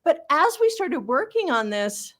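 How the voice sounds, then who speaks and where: A woman's voice: high-pitched, very animated, measured pace. A woman author, a guest on an interview show, talking directly and explaining her points with examples. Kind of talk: casual interview chat.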